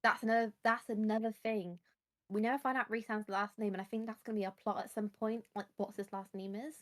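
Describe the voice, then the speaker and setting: A young woman streaming and chatting casually about books. She talks at length and rambles as she explains things, in a voice of ordinary pitch for a woman. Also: fairly even intonation, brisk, fairly bright tone.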